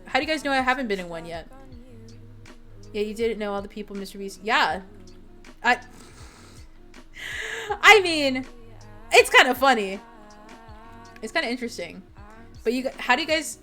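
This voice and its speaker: A woman's voice: fairly high pitch, bright, forceful tone. A young woman streamer chatting casually with her viewers, rambling with lots of fillers and giggles. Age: young adult.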